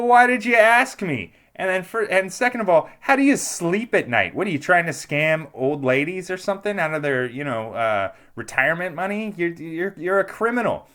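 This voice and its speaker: A man's voice: fairly low pitch, fairly bright tone. A young man co-hosting a podcast, telling a story in a rambling casual way, full of fillers and restarts, raising his voice to act out quotes. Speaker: podcast co-host.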